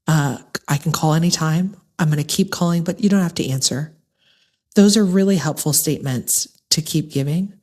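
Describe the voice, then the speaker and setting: Woman, middle-aged, American accent, low voice, podcast host, candid, earnest, direct address. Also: moderate pace, dark tone. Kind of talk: personal monologue to listeners.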